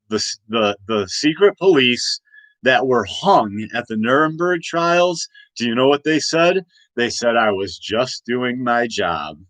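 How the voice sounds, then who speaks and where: A man's voice: medium pitch, a bit bright, no echo, rough recording. A man in his forties ranting in a late-night monologue, rambling and agitated with many restarts and repeated questions. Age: 40s. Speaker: host.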